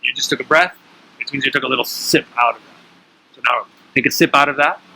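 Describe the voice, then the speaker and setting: A man's voice: medium pitch, a little fast, gravelly, bright, forceful tone, poor audio. A man teaching breathing awareness to a small group in a casual, coaching way, often checking in with his listeners. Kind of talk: casual instructional talk.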